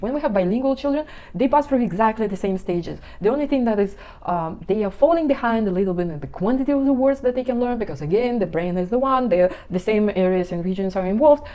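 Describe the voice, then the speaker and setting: Mellow-voiced woman explaining language stages. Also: medium pitch. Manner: explains with examples, non-native English phrasing. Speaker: parenting language educator. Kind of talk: casual informational talk.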